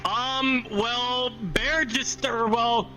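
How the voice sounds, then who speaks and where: A man being interviewed as a team leader, loud and laughing, his voice strained from screaming. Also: extremely high pitch, fairly even intonation, extremely slow, soft background music. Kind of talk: excited casual interview. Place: online virtual-reality game session.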